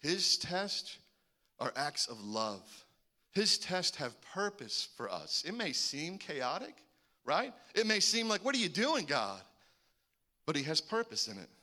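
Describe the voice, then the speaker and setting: A man in his forties preaching a sermon, an animated storyteller who acts out the voices in his stories. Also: fairly high pitch, unhurried. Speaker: pastor.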